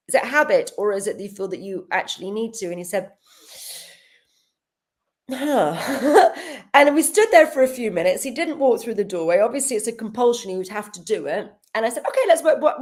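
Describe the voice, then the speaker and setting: Lively woman telling a story. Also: a little high. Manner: animated, laughs often, acts out quoted dialogue. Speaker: healer guest. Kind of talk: casual podcast storytelling.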